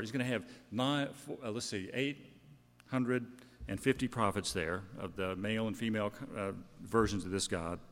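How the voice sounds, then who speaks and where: A man's voice: on the low side, steady tone, normal speed. A man preaching a sermon, retelling a scripture story in a conversational way with fillers and self-corrections. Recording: long hall reverb.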